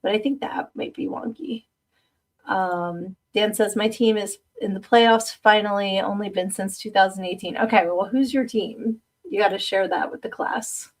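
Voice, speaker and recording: A woman's voice: mid-range voice, fairly even intonation, normal speed, distant mic. A middle-aged woman hosting a podcast, chatting casually and rambling, laughing often at herself as she reads viewer comments aloud. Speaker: podcast host.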